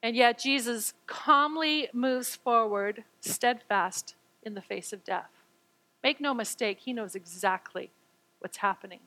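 A woman preaching a sermon, reading scripture aloud and explaining it in an expressive way, acting out the quoted lines and stammering at times when excited. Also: on the high side, a little slow, poor audio.

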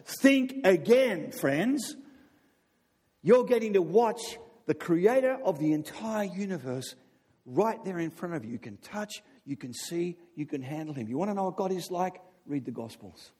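Male preacher, fairly high husky voice, lively sermon, long hall reverb. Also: normal speed. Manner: animated, keeps asking the audience "right?".

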